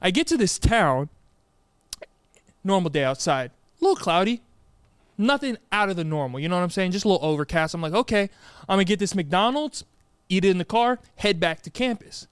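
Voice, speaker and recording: Animated young man telling a story. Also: sits high, a little fast, clean tone, no room sound, clean studio sound. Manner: animated storyteller acting out quotes, laughs often. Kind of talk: casual storytelling chat.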